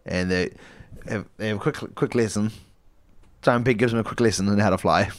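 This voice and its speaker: A man's voice: fairly low pitch, a little fast, no room sound. A man co-hosting a comedy podcast, rambling through an improvised story with fillers, restarts and giggles.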